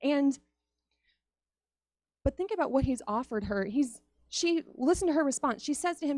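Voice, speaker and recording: A woman's voice: high voice, lively intonation, moderate pace, pauses often, a little mellow, no room sound. A woman giving a conversational youth sermon, chatty and laughing often as she acts out stories. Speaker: youth speaker.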